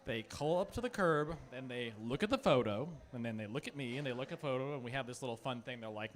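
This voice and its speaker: Male stand-up comic, thirties, from Phoenix; high, very lively voice; rambling, chatty delivery. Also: fast, hardly any pauses. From Phoenix, Arizona. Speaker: stand-up comedian. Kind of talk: stand-up comedy set.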